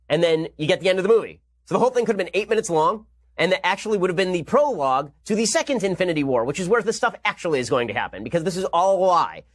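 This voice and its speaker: A man in his thirties hosting a political podcast, delivering a fast, sarcastic, argumentative monologue. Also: a little high. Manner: rapid-fire, sarcastic, argumentative. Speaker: political commentator and podcast host.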